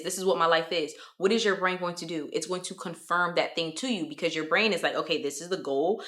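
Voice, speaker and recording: Bright-voiced woman vlogger, lively. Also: on the low side. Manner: animated, acts out quoted voices. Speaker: lifestyle vlogger. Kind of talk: motivational talk to camera.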